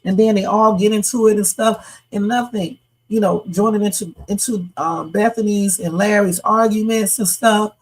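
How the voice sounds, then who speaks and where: Answering her chat head-on, a middle-aged woman runs a laid-back reaction livestream and speaks bluntly with emphasis. Her mid-range voice is slightly husky, steady and moderately paced, though the audio quality is poor.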